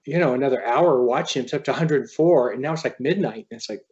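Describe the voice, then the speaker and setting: An author telling a personal story as a podcast guest, in an earnest, halting way. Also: male voice, medium pitch, a little mellow, lo-fi sound. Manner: earnest, halting, quoting others as he tells a story.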